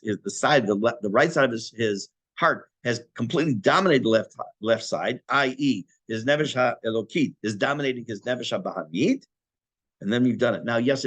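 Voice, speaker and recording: A man, a rabbi, giving a Torah class, explaining Hebrew terms in English with animated, self-correcting delivery. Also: medium pitch, no room sound.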